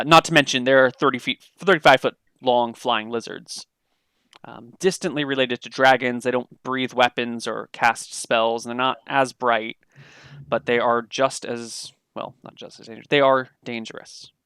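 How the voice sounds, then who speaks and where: Smooth-voiced man running a tabletop game. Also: medium pitch, fairly bright tone, dry recording, studio quality. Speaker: game master. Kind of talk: narrating and voicing NPCs in a tabletop game.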